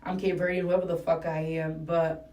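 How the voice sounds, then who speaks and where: This rapper guest, a young adult woman from New England with a New England accent, is blunt and profane in a casual interview. Her voice is low-pitched and warm, with a level tone and moderate pace, heard through a roomy, far-off mic.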